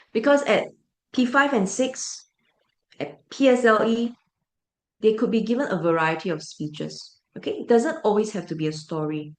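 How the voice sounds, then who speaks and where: Lady teacher briefing parents, keeps asking "right? okay?", roomy echo. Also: mid-range voice. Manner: emphatic, asks frequent rhetorical checks.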